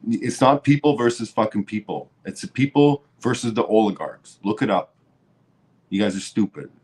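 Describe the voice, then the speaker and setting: A man's voice: on the low side, lively intonation, moderate pace, a little mellow. A man hosting a podcast, ranting heatedly with constant swearing and repeated words. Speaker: podcast host. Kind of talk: profane political rant.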